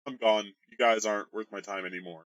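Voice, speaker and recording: A man's voice: fairly low pitch, steady tone, fairly quick, fairly bright tone, dry recording, highs cut off, voice pushed down, lightly acted. A man voicing a bored male god posing as an elf, talking in a flippant, casual way.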